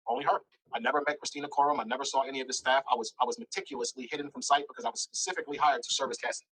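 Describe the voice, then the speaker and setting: A man talks at a breakneck clip, his husky voice bright and edged. He tells his story bluntly and candidly as an interview guest, jumping between narration and acted-out dialogue with a lively, swinging pitch. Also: very fast, poor audio. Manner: blunt, animated, acts out dialogue.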